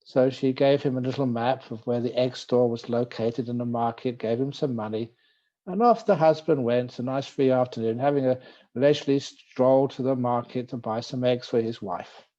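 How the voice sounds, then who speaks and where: A Buddhist monk gives a relaxed, gently humorous dharma talk, telling a story in a mellow, unforced voice. The recording is dull and lo-fi. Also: male voice, medium pitch, normal speed. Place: retreat talk.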